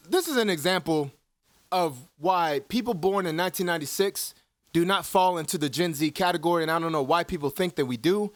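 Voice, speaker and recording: Young guy on a podcast, high voice, cracks up laughing a lot while telling stories, cusses constantly. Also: no room sound. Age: 20s. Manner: animated storyteller, laughs a lot, swears freely. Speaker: podcast co-host. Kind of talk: casual chat.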